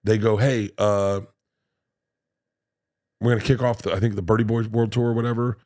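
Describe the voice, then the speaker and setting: A comedian guest telling stories in casual podcast talk, animated, acting out quotes and swearing freely. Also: male voice, lowish voice, moderate pace.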